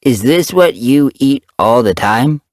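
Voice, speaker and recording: A giddy young pet cat squeaks his lines up high and drags them out slowly, bursting with eagerness, as a man reading the story puts him on. The voice is dry and close, with a husky edge. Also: animated, no room sound, lightly acted. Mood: doubtful. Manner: eager, breathless exclamations.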